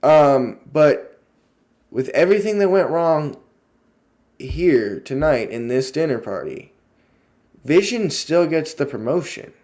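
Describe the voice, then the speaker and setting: A young man in a casual review vlog, excitable and rambling, who swears freely and gushes in spurts. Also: fairly high pitch, slow, long pauses. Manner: lots of fillers and restarts in a gushing delivery.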